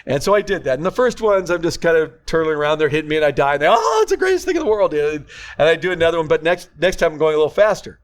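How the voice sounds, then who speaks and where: An older man, a grandfather, telling rambling family stories in casual chat and acting out quotes loudly. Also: on the high side, quick pace. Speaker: podcast co-host.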